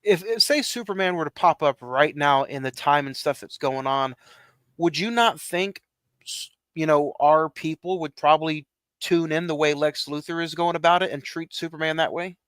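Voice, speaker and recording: A man co-hosting a movie podcast, chatting casually with frequent halting restarts. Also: on the high side, fairly bright tone, clean tone, dry recording. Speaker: podcast co-host.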